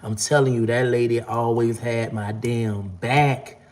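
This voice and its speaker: A man's voice: mid-range voice, steady tone, measured pace, darkish tone. A man, casually telling a long, profane story. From Florida. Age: 40s. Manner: profane, rambling, acts out quotes in a raised voice. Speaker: vlogger.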